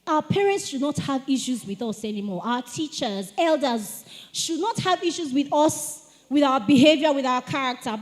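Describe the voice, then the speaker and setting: High-voiced woman teaching teens. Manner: animated, asks the audience to respond. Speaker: speaker at a teen church retreat. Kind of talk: lively teaching talk to teenagers. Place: church hall. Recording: long hall reverb.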